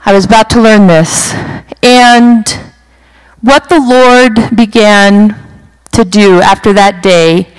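A middle-aged woman speaker at a women's retreat, telling a personal testimony in an animated storytelling way. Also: mid-range voice, clear, resonant tone, rough recording. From western United States. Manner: animated storytelling, acts out her own panic.

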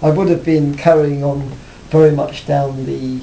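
Hesitant man with a gravelly voice. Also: flat delivery, measured pace, warm tone, lo-fi sound. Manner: hesitant, many restarts and "you know". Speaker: interviewee, former band cellist. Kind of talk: reflective casual interview talk. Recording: roomy, faint rumble.

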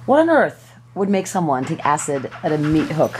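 Low-voiced woman teasing her guest. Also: sing-song, normal speed, noisy background. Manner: teasing, amused questioning. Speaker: interviewer. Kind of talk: conversational interview questions.

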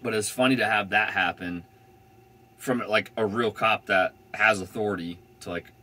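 A man's voice: fairly low pitch, fairly even intonation, normal speed, pushed and bright. A young man telling a van-life story in a casual, rambling way, full of fillers and swearing. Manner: rambling, laid-back, swears freely, many "like" fillers.

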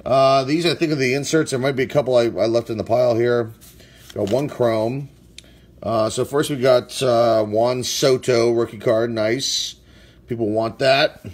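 A man's voice: mid-range voice, steady tone, a little slow. A man opening packs of baseball cards, casually reading out player names and sometimes stumbling over hard ones. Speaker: sports card collector opening packs. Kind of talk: casual card-break commentary.

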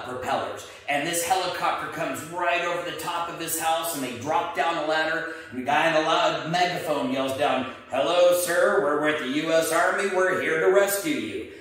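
A man's voice: fairly high pitch, fairly bright tone. A man, a martial arts instructor, chatting earnestly and telling a joke story. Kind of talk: casual chat with storytelling. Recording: echoey room, mic at a distance.

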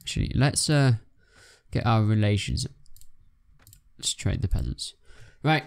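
Young man, gravelly gameplay chatter. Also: on the low side, unhurried. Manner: chatty, self-narrating, excitable bursts. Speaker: let's play gamer. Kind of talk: casual gameplay commentary.

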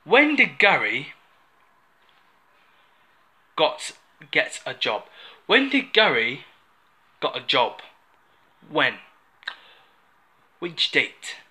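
A man playing a stern police officer who questions a suspect slowly and insistently, repeating his questions. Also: fairly high pitch, wildly swooping pitch, pushed and bright, heavily acted.

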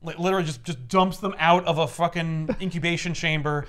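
A man's voice: on the high side, steady tone, fairly quick, a bit bright. A man hosting a casual chat, rambling and swearing as he recaps a story and acts out its characters. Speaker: podcast host.

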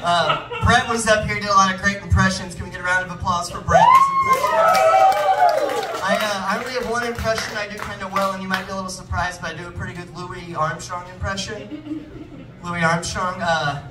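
A man's voice: sits high, sing-song, fairly quick, loud music behind the voice. A man doing a rambling, self-deprecating stand-up set, out of breath on a club stage. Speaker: stand-up comedian. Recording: roomy club sound from a distance, loud crowd and noise.

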